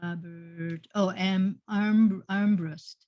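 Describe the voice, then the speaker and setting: A woman's voice: mid-range voice, steady tone, very slow, dark tone, no echo. A woman hosting an online workshop over a video call, praising participants effusively and often repeating her words. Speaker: workshop host and teacher. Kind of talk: encouraging group workshop feedback.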